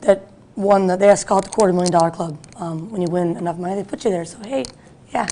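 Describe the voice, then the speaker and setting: A woman chatting as guest co-host in a studio, modest and joking, with quick replies. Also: fairly low pitch, dark tone, slight background noise. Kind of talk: casual chat.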